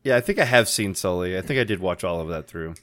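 A man's voice: low voice, expressive, fast talker, a bit bright. A man co-hosting a casual podcast chat, telling rambling stories and laughing often. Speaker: podcast co-host.

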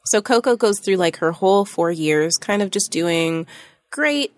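A young woman in casual podcast chat, talking fast with many restarts and frequent laughs. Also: medium pitch, animated, no echo, studio quality. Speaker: podcast co-host.

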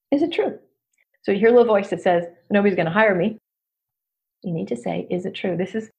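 A middle-aged woman who works as a business coach, talking in a candid, animated, self-deprecating way and laughing often. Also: fairly high pitch. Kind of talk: casual motivational talk.

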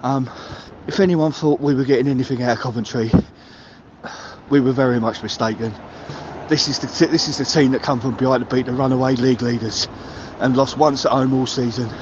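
A man's voice: mid-range voice, fairly even intonation, brisk, lo-fi sound, noisy background. A man leaving a voicemail, ranting and swearing about his football team. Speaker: caller. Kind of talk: voicemail rant.

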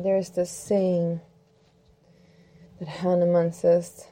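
Female spiritual host; reflective, rambling monologue, lowish pitch, mellow tone. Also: unhurried. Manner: rambling, reflective, many "like"s, playful rhymes.

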